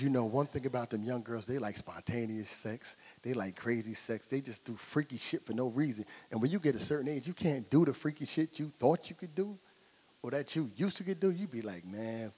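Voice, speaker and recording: A middle-aged man doing a stand-up comedy set, telling loud, brash, profane stories on stage. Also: mid-range voice, animated, normal speed, husky, some chatter behind. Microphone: handheld stage mic.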